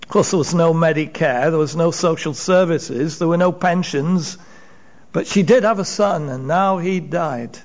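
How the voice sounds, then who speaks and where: A man's voice: a little high, moderate pace, muffled recording. A man preaching a sermon, retelling Bible stories with emphasis and acted-out voices. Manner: storytelling, acting out voices, rising and falling emphasis.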